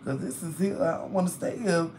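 A man's voice: high-pitched, expressive, brisk, slight background noise. A tired man, live streaming from a hospital room, reading viewers' comments and venting about the bills. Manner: chatty, vents and complains loudly about hospital bills. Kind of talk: casual live stream chat.

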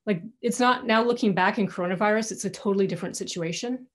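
A woman's voice: mid-range voice, quick pace. A middle-aged woman giving a personal talk to an alumni audience from her home, candid and conversational, often restarting her sentences. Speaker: guest speaker.

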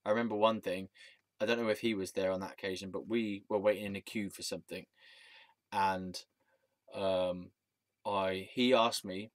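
A man's voice: low voice, fairly even intonation, normal speed, no echo. A young man telling a rambling personal story, laughing at himself often. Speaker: vlogger. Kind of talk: casual storytelling.

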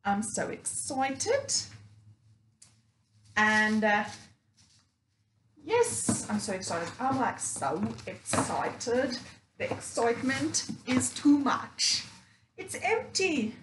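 A woman selling shoes who gushes over her delivery in a casual unboxing vlog, repeating herself with excitement. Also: a little high, slow. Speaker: online seller. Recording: echoey room with background noise.

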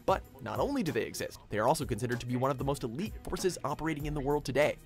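A man's voice: mid-range voice, expressive, racing, faint music behind. A man reading a scripted narration for a top-ten list video, punchy with wry asides.

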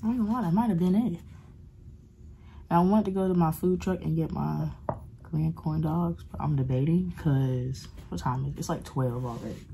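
Low-voiced chatty young woman vlogging. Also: normal speed, dark tone. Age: 20s. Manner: chatty, rambling, uses dialect slang. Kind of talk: casual vlog chat. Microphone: phone camera held close. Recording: phone recording with clear background noise.

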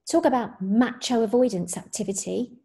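A scornful mother in a read-aloud story, her voice light and mocking before it catches into a choked snarl. The tone stays soft and mellow rather than sharp, as a woman reads her part. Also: fairly high pitch, moderate pace, creaky. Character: scornful, upset divorced mother.

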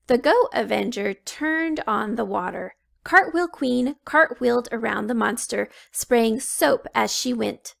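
A woman reading a children's storybook aloud, slow and expressive. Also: a little high, creaky. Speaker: children's book reader.

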